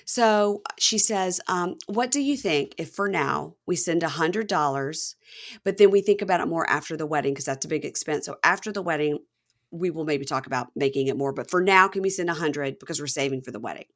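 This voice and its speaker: A woman's voice: low voice, fairly quick. A woman hosting a podcast, recapping reality TV in gossipy casual chat and quoting people in their voices. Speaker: podcast host.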